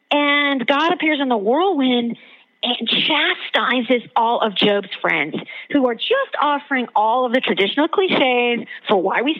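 Animated woman guest, lo-fi audio. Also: fairly high pitch. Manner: animated, emphatic storytelling. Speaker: guest author and theologian. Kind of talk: podcast interview.

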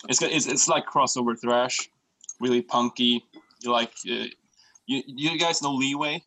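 A man's voice: medium pitch, steady tone, unhurried, bright, forceful tone, rough recording. Easygoing storytelling man. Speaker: podcast guest, musician. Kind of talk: casual chat.

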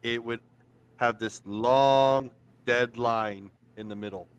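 A man co-hosting a casual podcast chat, telling a story in a plain, unhurried way. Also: mid-range voice, steady tone, clear, resonant tone, muffled recording. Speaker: podcast co-host.

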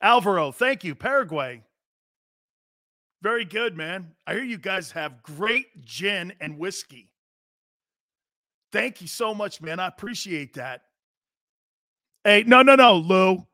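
A man's voice: high-pitched, measured pace, pauses often, dry recording, studio quality. A man hosting a sports talk show, ranting casually and brashly to his viewers. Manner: brash, animated, talks straight to viewers.

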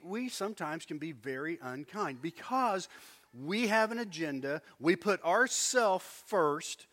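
Male preacher, middle-aged, high and bright, animated storyteller mid-sermon. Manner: animated storytelling with asides to the congregation. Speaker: pastor.

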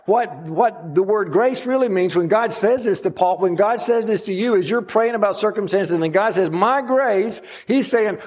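A male pastor delivers a sermon in a high, husky voice. He leans on dramatic pauses and drags out key phrases for emphasis.

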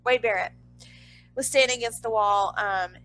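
A woman's voice: normal speed, fairly bright tone, low-quality recording. A woman casually telling a personal story, chatty and full of "like", swearing now and then and acting out others' lines. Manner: acts out others' lines in a higher voice.

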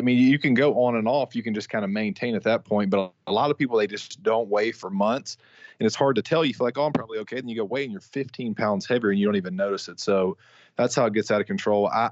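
A man co-hosting a casual sports podcast who gives quick, matter-of-fact advice. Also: fairly low pitch, no echo. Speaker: podcast co-host. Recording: dry, dull lo-fi audio.

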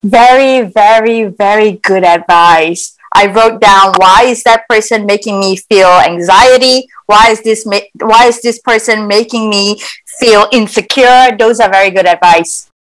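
A woman's voice: mid-range voice, unhurried, poor audio. A woman hosting an interview who reacts with eager affirmation and asks casual questions. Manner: enthusiastic, affirming listener. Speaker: podcast host.

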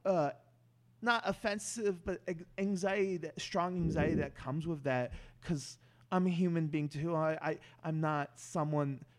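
Young male comic, podcast guest; a touch high-pitched, lively, trips over his words. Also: a little slow. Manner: animated, stammering restarts. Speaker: stand-up comedian, podcast guest. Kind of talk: casual podcast chat.

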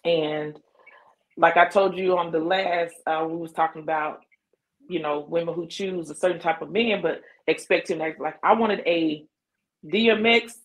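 A woman co-hosting a casual talk show, speaking her mind in a frank, chatty way. Her voice sits a little low for a woman, and her phrases run on loosely. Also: fairly even intonation, normal speed, low-quality recording. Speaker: co-host. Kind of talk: casual chat.

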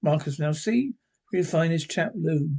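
A man's voice: on the high side, lively intonation, measured pace, warm tone, slightly rough, exaggerated voice. A man reading as a fussy male scientist. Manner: hesitant, restarting lines.

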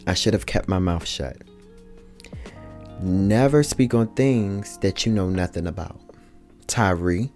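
A man's voice: fairly low pitch, measured pace, warm tone, faint music behind. A man talking earnestly in a reflective personal monologue, speaking colloquially to his listeners and repeating key points for emphasis.

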